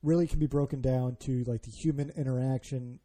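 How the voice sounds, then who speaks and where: A man hosting a podcast interview, talking in a relaxed, rambling way with stammered starts. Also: mid-range voice, a little fast. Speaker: podcast host.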